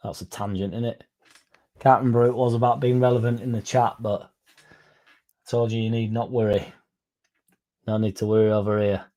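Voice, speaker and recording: A man's voice: on the low side, little pitch movement, normal speed, pauses often, mellow. A young man hosting a casual livestream, reading out comments and going off on sweary, rambling tangents. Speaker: fan channel livestream host.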